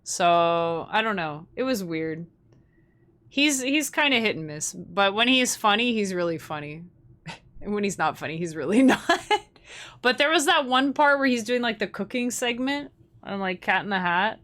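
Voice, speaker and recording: A woman's voice: medium pitch, lively intonation, moderate pace, a bit bright. A young woman, hosting a livestream in casual, rambling chat and laughing often. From Canada. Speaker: livestream host.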